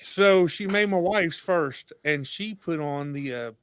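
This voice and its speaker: Male podcast guest, lively storyteller who acts out quotes, slightly high voice, dry close mic. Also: slow, clean tone, no room sound. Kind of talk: casual chat.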